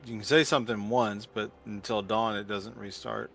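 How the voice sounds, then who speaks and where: A man's voice: fairly low pitch, steady tone, normal speed, gravelly, fairly bright tone. Wry, joking male player. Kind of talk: tabletop game play.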